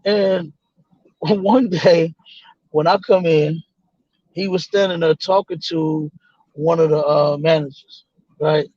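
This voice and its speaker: A high-voiced man spins a casual story, slipping into other people's voices and cursing as he goes. The sound is dry and close, with a slightly muffled, lo-fi edge. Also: slow, long pauses, dry recording. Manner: animated, quotes others in voices, swears freely. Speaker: guest.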